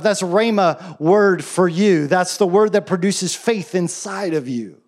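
A man preaching a sermon in a casual, enthusiastic way, with quick asides and restarts. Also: high voice, a little mellow. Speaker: pastor.

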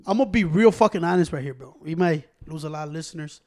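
A man co-hosting a casual podcast, talking loud and animated with a swearing, joking manner. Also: fairly high pitch, fast talker. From Mexico. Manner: loud, animated, mixes in Spanish slang. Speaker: podcast co-host. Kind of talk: casual profane chat.

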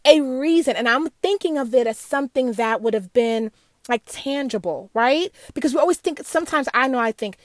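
A woman's voice: fairly high pitch, lively intonation, brisk, dry recording. A middle-aged woman sharing a candid, earnest personal reflection on faith, emotional and full of restarts and asides.

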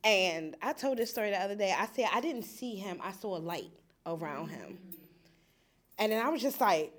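A woman telling a personal story in a small group, animated and laughing as she acts out quoted lines. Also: mid-range voice, moderate pace. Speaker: group participant. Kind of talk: casual storytelling. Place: small indoor group setting.

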